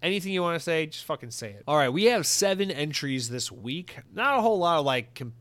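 A young man hosting a podcast, reading listener comments in a rambling, profane, animated way on a close mic. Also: a little high, brisk. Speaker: podcast host.

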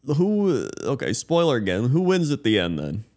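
A man's voice: mid-range voice, huge pitch swings, normal speed, darkish tone. A man co-hosting a casual podcast, giving laid-back, dry reactions. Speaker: podcast co-host.

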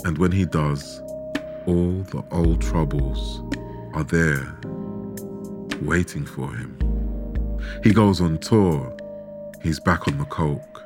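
A man telling a true story in measured, dramatic scripted narration, with rhetorical questions. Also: very deep voice. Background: background music.

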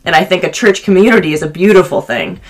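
A woman's voice: fairly low pitch, big pitch swings, quick pace, soft background music. A young woman co-hosting a podcast in a casual, reflective way, with many "like" and "um" fillers. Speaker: podcast co-host.

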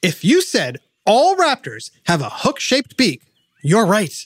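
A woman's voice: mid-range voice, wildly swooping pitch, takes it slowly, a little hiss or hum. A woman hosting and narrating a kids' science show, playfully quizzing the listener. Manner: playful, addresses the listener with quiz questions. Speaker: narrator and host. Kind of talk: scripted educational narration for kids.

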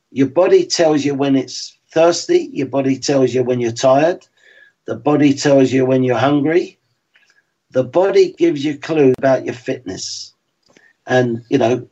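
A man in his sixties, a former footballer, talking frankly and in a measured way as an interview guest. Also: mid-range voice, a little mellow, breathy edge. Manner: frank and plain-spoken, measured. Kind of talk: reflective interview talk. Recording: slightly dull lo-fi sound.

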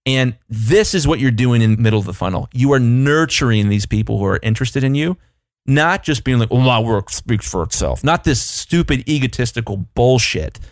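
A male podcast co-host in casual business chat, animated and acting out what imagined clients say in shifting voices. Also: mid-range voice, brisk, no echo, studio quality. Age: adult, past his younger years.

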